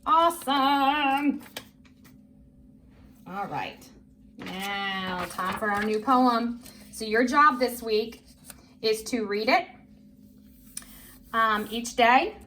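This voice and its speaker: A woman's voice: on the high side, slow pace, long pauses, sharp tone, slight background noise. A woman teacher leading a children's reading lesson, patient and encouraging, spelling words out letter by letter.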